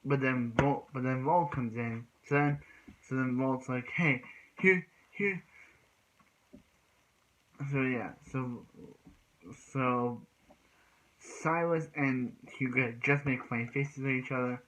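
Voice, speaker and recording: Guy rambling thru an episode recap, keeps restarting, pretty bright voice, mid pitch. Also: steady tone, a little slow, lo-fi sound. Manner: rambling, with frequent restarts and "he's like" retellings. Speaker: anime episode reviewer.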